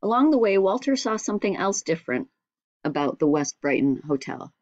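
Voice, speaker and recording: A woman reading a storybook aloud in a steady, measured way. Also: medium pitch, no echo, highs cut off. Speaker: audiobook reader. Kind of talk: storybook narration.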